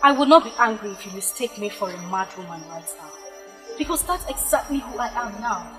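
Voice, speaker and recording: A woman's voice: medium pitch, expressive, a little fast, music in the background, close to an everyday voice. A woman playing a desperate young woman who urgently pleads with a prince in a Nollywood film. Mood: pleading.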